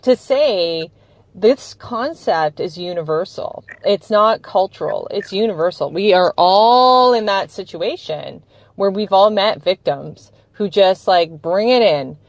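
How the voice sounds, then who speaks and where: A woman's voice: medium pitch, animated, unhurried, dry recording, muffled recording. A woman hosting a conversational interview, enthusiastic and affirming toward her guest. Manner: enthusiastic, affirming, laughs easily. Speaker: host.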